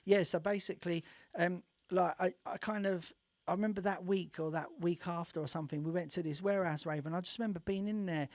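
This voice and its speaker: A man with a slightly high voice tells rambling stories in a casual radio interview, often restarting his sentences. He acts out other people's words with sudden jumps in pitch and volume. The mic is close and dry. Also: fairly even intonation, fast, no room sound. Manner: rambling with frequent restarts and laughter. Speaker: DJ and author being interviewed.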